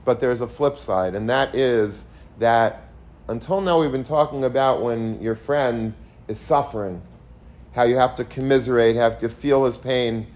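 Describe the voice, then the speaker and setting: Middle-aged male lecturer, Torah class, storytelling delivery with Hebrew and Yiddish terms, mid-pitched voice. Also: a little slow, darkish tone. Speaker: Torah teacher.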